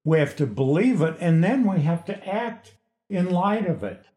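A man preaching a Bible-teaching sermon, slow and deliberate, stressing key words emphatically. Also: high voice, animated, dark tone, reverberant. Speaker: pastor. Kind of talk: expository sermon.

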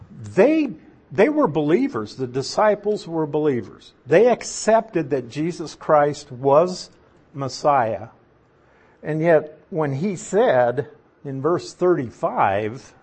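A man's voice: mid-range voice, a little mellow, husky. A man teaching a Bible lesson, explaining Greek words and putting questions to his listeners.

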